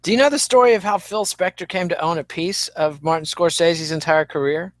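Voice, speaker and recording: A man's voice: on the high side, fairly quick, no room sound. A man co-hosting a podcast in casual chat, with dry, wry asides and long anecdotes. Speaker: podcast co-host.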